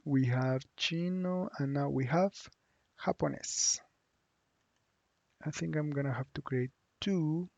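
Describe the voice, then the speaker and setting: A man from Mexico, teaching a lesson online and saying the model phrases slowly so learners can repeat them. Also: on the high side, vocal fry, a little mellow, no room sound, lo-fi sound. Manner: slow, drawn-out model phrases for repeating aloud. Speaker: Spanish teacher.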